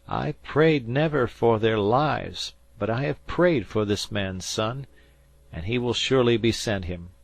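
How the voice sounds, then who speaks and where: A man voicing a grave, dazed older man of faith who speaks formally and slowly. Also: medium pitch, gravelly, no echo, voice pushed up. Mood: solemn. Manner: solemn, formal, measured.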